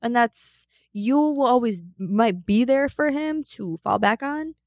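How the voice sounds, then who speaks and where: A woman's voice: fairly high pitch, measured pace, no room sound. Blunt, profane young woman storyteller. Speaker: podcast co-host. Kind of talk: casual podcast chat.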